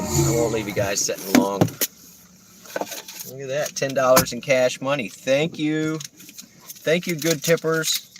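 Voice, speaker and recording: A man's voice: mid-range voice, recorded from a distance. A man chatting while he drives and streams from his phone, rambling and joking and slipping into goofy impressions. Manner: rambling, jokey, slips into silly impressions. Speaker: rideshare and delivery driver streaming. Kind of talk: casual live-stream chat while driving. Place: inside a moving car. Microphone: phone used for streaming. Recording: loud road and engine noise from the car.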